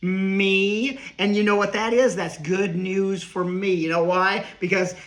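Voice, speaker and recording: A middle-aged man doing a rambling comedic monologue, riffing with quick asides. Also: high voice, steady tone. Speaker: comedian and speaker.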